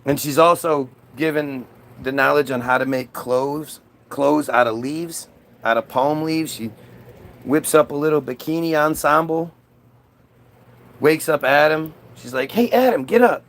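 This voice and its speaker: A man's voice: a little high, fairly even intonation, measured pace, fairly bright tone. A man telling a crude, rambling comedic rant full of profanity.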